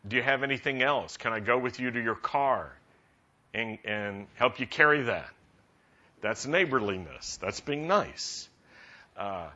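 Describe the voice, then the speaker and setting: A man preaching a sermon to a congregation in a conversational, practical way, rising to animated emphasis. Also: mid-range voice, measured pace. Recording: dull lo-fi sound.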